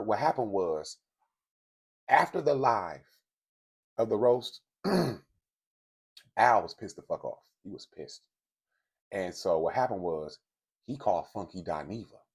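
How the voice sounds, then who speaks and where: A man's voice: lowish voice, animated, a little slow, long pauses, a little mellow, breathy edge. A man telling a gossip story straight to his viewers, in a casual, blunt and profane way. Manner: speaks directly to viewers. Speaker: commentary host. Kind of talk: casual celebrity gossip commentary.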